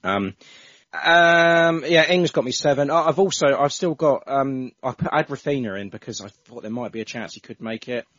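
A man's voice: mid-range voice, expressive, normal speed, a bit bright, dry recording. A man hosting a casual football podcast, chatty and full of restarts. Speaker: podcast host. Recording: dull, dry, lo-fi sound.

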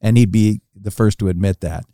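A man on a podcast, telling a long funny anecdote casually and acting out the quoted lines with lively rises. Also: fairly quick, no echo, studio quality. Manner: animated storytelling, acting out quoted lines with rising pitch. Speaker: podcast guest storyteller.

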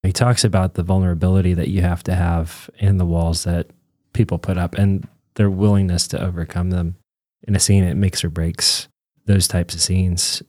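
Low-voiced man explaining a film point. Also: level tone, normal speed, dark tone, no room sound, clean studio sound. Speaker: podcast co-host. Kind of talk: casual film discussion.

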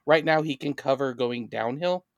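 A man co-hosting a sports podcast, measured and analytical, with dry jokes. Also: medium pitch, dry recording, highs cut off. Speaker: podcast co-host.

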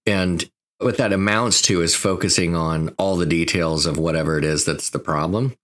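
Deep-voiced male podcast co-host. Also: normal speed, a bit bright. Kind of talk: casual banter.

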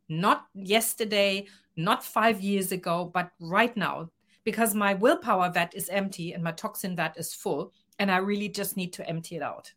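A woman coach being interviewed, talking earnestly and acting out little quoted exchanges as she explains. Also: medium pitch. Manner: earnest, expressive, acts out quoted lines. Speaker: guest coach. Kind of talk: podcast interview.

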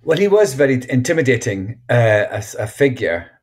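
Here the Scottish actor-author speaks with a medium, sing-song pitch at a normal pace, his tone darkish with a breathy edge. As a guest in a casual interview, he shares stories in a frank, chatty way, frequently starting over.

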